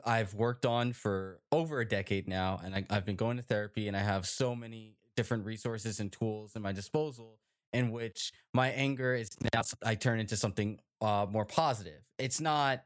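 A man's voice: lowish voice, moderate pace. Chatty male podcast host, full of "right?". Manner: animated, chatty, with many fillers and tag questions. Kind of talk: casual chat.

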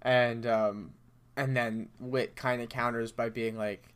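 A man's voice: mid-range voice, level tone, slow pace, a bit bright, clean tone. A man co-hosting a podcast in casual chat, talking loosely with many fillers and easy laughs. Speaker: podcast co-host.

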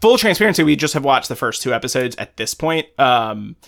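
A man's voice: mid-range voice, very animated, creaky, a bit bright. A man co-hosting a casual podcast, talking with enthusiasm and frequent restarts. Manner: enthusiastic, halting, lots of restarts and "like". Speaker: podcast co-host. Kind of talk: casual chat.

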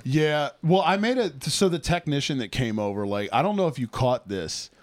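A man's voice: medium pitch, animated, normal speed, no room sound. A man co-hosting a podcast in casual chat, laid-back and joking, swearing often. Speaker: podcast co-host.

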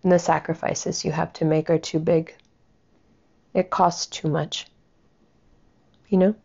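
A woman's voice: sits low, flat delivery, unhurried, vocal fry, mellow, muffled recording. A woman giving a casual commentary rant, blunt, sarcastic and full of swearing.

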